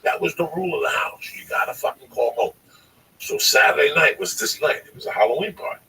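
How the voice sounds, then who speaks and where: A man's voice: on the high side, animated, brisk, vocal fry, sharp tone. A man around sixty telling a long personal story on a podcast, cursing freely and rambling with emphasis. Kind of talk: casual storytelling. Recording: distant mic, faint noise.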